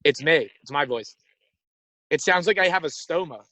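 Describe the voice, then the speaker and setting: A man's voice: fairly high pitch, animated, bright, forceful tone, no echo, low-quality recording. A young man co-hosting a podcast, rambling and riffing jokes while recording on a phone inside his parked car. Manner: rambling, riffing, quick to joke. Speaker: podcast co-host. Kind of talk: casual comedic chat. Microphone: phone held in hand.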